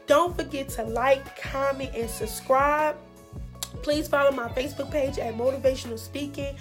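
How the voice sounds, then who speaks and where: A woman's voice: sits high, fairly even intonation, normal speed, music in the background. A young woman telling a heartfelt storytime vlog in an earnest, encouraging way, repeating phrases for emphasis. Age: young adult. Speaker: vlogger.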